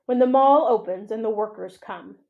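A woman voicing a calm, dignified male gorilla with an understated manner. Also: a little high, normal speed, vocal fry, phone-quality sound.

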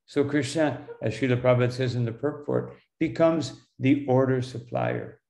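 A man, a monk, lecturing on scripture in a halting way, with many fillers and "no?" tags, slowing down for Sanskrit terms. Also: mid-range voice, huge pitch swings, creaky, a little mellow, echoey room. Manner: slows for Sanskrit terms and quotes.

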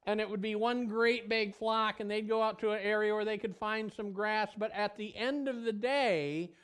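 Smooth-voiced pastor preaching. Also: male voice, steady tone, moderate pace. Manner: swings from loud exclamations to a hushed, low voice. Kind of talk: sermon.

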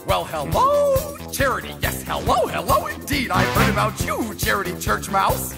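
A smarmy, oily swindler rat, gravelly in the throat and swinging wildly up and down in pitch as he croons his sales pitch. The children's musical audio drama carries loud music under every line. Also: huge pitch swings, normal speed. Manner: smarmy, wheedling, half-sung patter. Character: sly male rat record agent, oily swindler.

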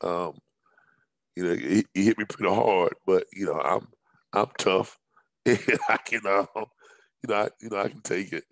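A man, giving a live-streamed business presentation in a scratchy, hoarse voice and talking haltingly with many fillers and restarts. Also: low-pitched, no echo.

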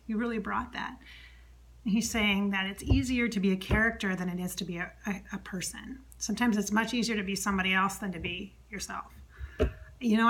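A woman medium talking alone, chatty, relaying an unseen spirit's words and often dropping to a soft whisper. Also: medium pitch. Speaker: psychic medium. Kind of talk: solo channeling monologue.

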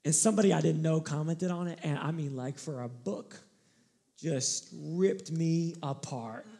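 A male pastor preaching a sermon, animated and emphatic, shifting into candid personal stories. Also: on the high side, unhurried, gravelly.

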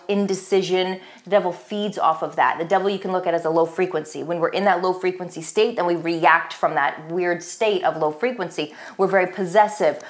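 A woman giving a recorded tarot reading in a motivational style. She is earnest and encouraging, repeats her phrases, and addresses the listener as "beautiful soul.". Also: fairly low pitch. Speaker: tarot reader.

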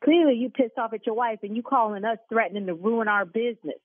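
A woman who owns a salon, speaking over the phone in a fast, indignant, cursing manner. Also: on the high side, husky, no room sound. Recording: tinny phone line.

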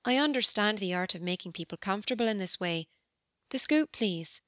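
A woman voicing a young governess who sounds meek but is cunning, speaking softly and demurely in an audiobook. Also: medium pitch, lively intonation, dry recording, studio quality, close to an everyday voice. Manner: soft, demure and measured. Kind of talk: audiobook character voice.

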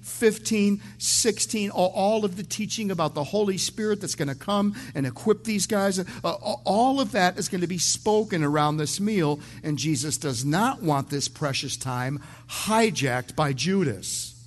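A man preaches through a passage in a casual, talk-it-through way, with a fairly high voice for a man. He stumbles over the first words of many sentences and drops in the odd joke. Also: expressive, a little slow, few pauses. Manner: conversational, repeats words when starting sentences, mixes in jokes. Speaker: pastor. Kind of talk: verse-by-verse sermon.

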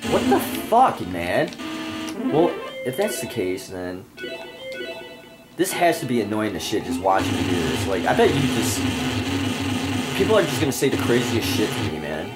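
A young male gamer rants irritably while playing a video game, swearing constantly over game music in a profane let's-play. His voice is lowish with wildly swooping pitch, at normal speed, broken by long pauses.

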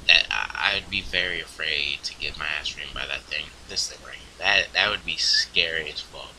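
A young man casually commentating his online game, crude and profane, rambling quietly and then suddenly yelling at other players. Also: extremely low pitch, moderate pace, a little hiss or hum, low-quality recording. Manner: crude, profane, swings into loud outbursts. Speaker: gaming video host.

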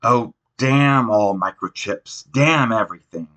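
A man doing a gruff, impatient warrior who barks short commands. The voice is low and forceful, with a bright edge, and it is read as part of a storybook. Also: a little slow, exaggerated voice. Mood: anguished. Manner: brusque, curt commands.

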